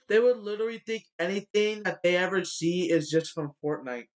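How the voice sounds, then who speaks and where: Guy with a stuffy nose ranting, kinda high voice, talks slow, swears a lot. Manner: blunt, profane ranting with many fillers. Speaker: vlogger. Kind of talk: ranting monologue.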